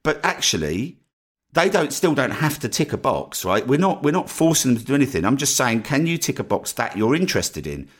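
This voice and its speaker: A man's voice: mid-range voice, brisk. A man tells a story on his solo podcast, with a lot of rise and fall in his voice. His tone is chatty and conversational. He keeps checking in with the listener as he talks. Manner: animated, chatty, keeps asking "right?". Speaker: podcast host.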